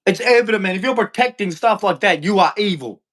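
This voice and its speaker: A man's voice: high voice, lively intonation, fairly quick, a bit bright. A man ranting angrily on a live stream, profane and repetitive, hammering the same points over and over.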